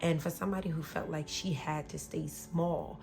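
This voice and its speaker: A woman podcast host openly recounting an abusive relationship, blunt and emotional, sometimes dropping to a hush and sometimes rising sharply. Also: low voice, steady tone, normal speed, creaky, soft background music. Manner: blunt, emotional, swings between soft and loud. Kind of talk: candid personal storytelling.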